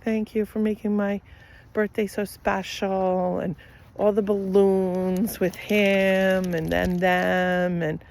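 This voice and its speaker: Slow, gravelly woman chatting on a walk. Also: fairly low pitch, darkish tone, a little hiss or hum. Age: middle-aged. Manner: rambling, chatty, many fillers. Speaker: vlogger. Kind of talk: casual chat. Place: outdoors walking a dog.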